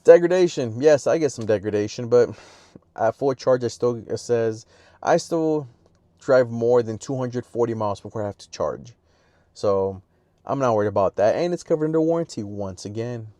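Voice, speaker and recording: A man's voice: medium pitch, normal speed, warm tone, dry recording. A man talking casually to camera outdoors about his car, plain-spoken with offhand asides, sniffly from allergies. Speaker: vlogger reviewing his car.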